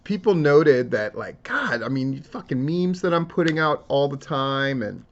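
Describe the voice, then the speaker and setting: A man's voice: medium pitch, lively intonation, unhurried, lo-fi sound, a little hiss or hum. Profane, rambling man talking wrestling. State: tearing up. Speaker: wrestling news commentator. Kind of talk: casual solo commentary.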